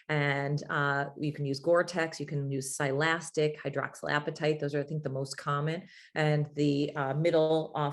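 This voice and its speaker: Female laryngologist, low voice, lecturing with frequent fillers. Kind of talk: medical grand rounds lecture.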